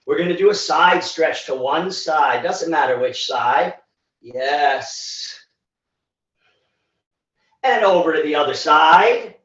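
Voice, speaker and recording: Slow, winded man coaching a workout. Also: fairly high pitch, animated, fairly bright tone. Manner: encouraging, counts down reps and cues moves. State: out of breath. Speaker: fitness instructor. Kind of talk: live virtual workout coaching. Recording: echoey, distant, dull livestream audio.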